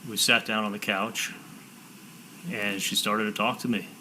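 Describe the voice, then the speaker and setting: A man testifying as a defendant in a courtroom, telling his story in halting sentences with repeated words and "I'm like" quotes. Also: fairly low pitch, little pitch movement, sharp tone, a little hiss or hum, low-quality recording.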